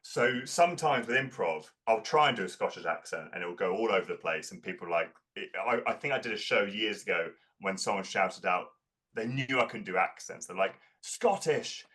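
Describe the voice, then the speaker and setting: A man, an actor and performance coach, telling animated stories in a casual interview, who often repeats words as he starts. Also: sits low, brisk.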